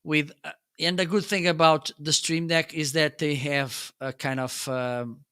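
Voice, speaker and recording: A man's voice: fairly high pitch, steady tone, unhurried, a bit bright, clear, resonant tone. A man hosting a casual livestream, demoing his gear and searching for words as he goes. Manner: hums nonsense syllables while testing. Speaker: livestream host.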